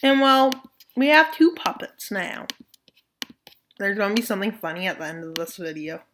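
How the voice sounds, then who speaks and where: A woman with a medium-pitched, fairly bright voice narrates a map scenario video at a moderate pace, with slight background noise. Her casual commentary is full of playful jokes, asides, and mock voices.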